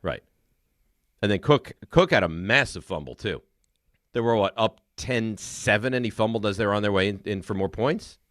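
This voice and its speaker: A man's voice: on the low side, animated, moderate pace, a bit bright, dry recording, studio quality. A man with a New York accent hosting sports radio, emphatic and needling in casual banter.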